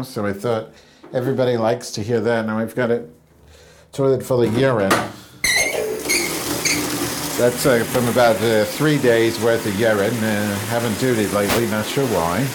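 A man's voice: lowish voice, noisy background. A man rambling through a crude, self-mocking monologue from a home bathroom.

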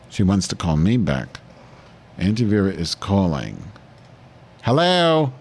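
A man's voice: sits low, wildly swooping pitch, takes it slowly, pauses often, darkish tone, husky. A man hosting his own podcast, swearing constantly and insulting a caller in a crude, abrasive way. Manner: foul-mouthed, abrasive, mock-insulting. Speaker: podcast host. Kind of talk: crude profane call-in chat.

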